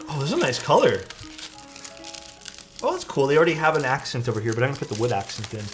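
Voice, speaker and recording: A man's voice: medium pitch, huge pitch swings, fast. Laid-back male streamer over faint music. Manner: laid-back, rambling, peppered with "dude" and "like". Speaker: streamer building a keyboard. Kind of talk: casual live-stream chat.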